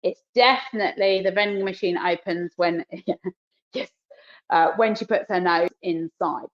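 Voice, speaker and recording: A woman's voice: lowish voice, unhurried. Brief: female dog trainer, New Zealand accent, live webinar demo, explaining and praising, dull lo-fi audio. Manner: explains while cueing the dog, soft praise.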